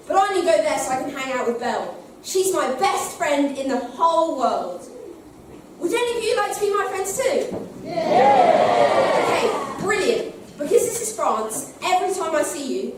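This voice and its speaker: A woman's voice: high voice, very noisy. A woman playing a cheeky, cheese-loving comic sidekick, bantering with the audience on a theatre stage, heard from far back in an echoey hall. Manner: chatty audience banter, call and response. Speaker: comic actor. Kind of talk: pantomime stage acting.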